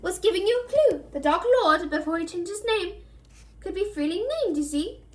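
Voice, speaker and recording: A shrill, squeaky little male house-elf, as a woman reading aloud puts him on, sitting very high above her own voice. He bursts out loud and breathless, overjoyed one moment and fierce the next. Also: lively intonation, normal speed.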